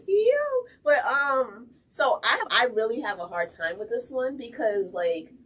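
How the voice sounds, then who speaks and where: A woman's voice: a little high, a little slow, husky. A woman co-hosting a radio talk show, telling stories in casual chat, acting out quotes and laughing often. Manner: animated storyteller, acts out quotes, laughs often. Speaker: radio co-host. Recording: distant mic, faint room noise.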